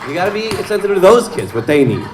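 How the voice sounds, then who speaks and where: A man's voice: high voice, sing-song, quick pace, crowd noise, background noise. Man telling a funny classroom story. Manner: humorous, many ums, acts out quotes. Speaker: author panelist. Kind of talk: storytelling on a panel. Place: event hall with audience.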